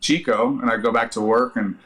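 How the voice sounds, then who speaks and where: A man speaking as a podcast guest, rattling through a personal story at a quick clip. His voice sits at an ordinary middle pitch. He talks casually, swears freely and leans on fillers as he goes. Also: rough recording. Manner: lively anecdotal retelling, profane, many fillers. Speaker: podcast guest, actor and army veteran.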